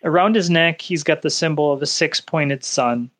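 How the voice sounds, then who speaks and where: A man narrating a tabletop game as game master, describing scenes in a casual, unhurried way. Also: on the high side, fairly bright tone.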